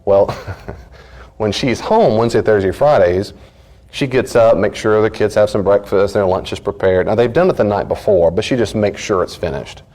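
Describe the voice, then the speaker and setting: Folksy low-voiced pastor telling stories. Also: male voice, normal speed, darkish tone. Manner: folksy storytelling, acts out family voices. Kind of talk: live church teaching talk. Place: church meeting room.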